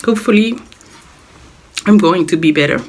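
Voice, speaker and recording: A sick young woman vlogging a casual life update in a hoarse, raspy voice, coughing often, rambling and repeating herself. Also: fairly low pitch, moderate pace. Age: young adult. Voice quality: raspy, smoker-like voice. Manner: rambling, repeats words, apologizes.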